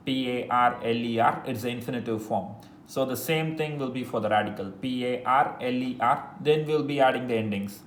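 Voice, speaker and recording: Man teaching French in an echoey room. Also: medium pitch. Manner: explains patiently, repeats phrases slowly, spells words letter by letter. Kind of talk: French lesson explained in English. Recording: echoey room with faint noise.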